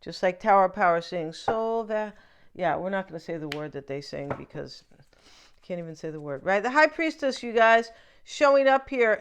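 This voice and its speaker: A woman talks through a tarot spread in a loose, chatty way. Her voice is smooth and resonant. She muses aloud and keeps checking in with the listener. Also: mid-range voice. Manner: chatty, asks "right?" often, muses aloud. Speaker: tarot reader. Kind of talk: casual tarot reading monologue.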